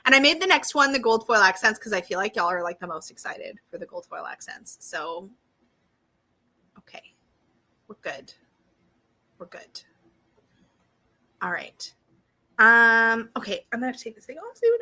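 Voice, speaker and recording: A woman's voice: a little high, very animated, a little fast, sharp tone. A woman hosting a live stream in a bubbly, chatty way, greeting viewers by name and reading their comments aloud. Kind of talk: casual live-stream chat.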